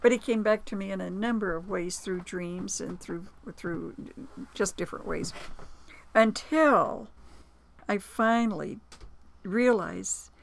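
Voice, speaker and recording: A woman's voice: mid-range voice, takes it slowly, creaky. A woman being interviewed as an author and producer, telling personal stories in a reflective way with small hesitations and quoted dialogue. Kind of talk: conversational storytelling.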